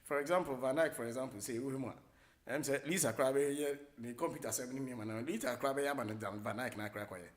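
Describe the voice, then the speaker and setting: A middle-aged man with a Ghanaian accent hosting a radio talk show, rambling casually, mixing English with Twi and filling pauses with many hesitations. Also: mid-range voice. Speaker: radio host.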